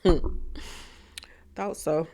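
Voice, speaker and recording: A woman's voice: medium pitch, animated, slow pace, bright, forceful tone. A woman voicing a blunt, sarcastic woman who mocks and laughs at others. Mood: mocking.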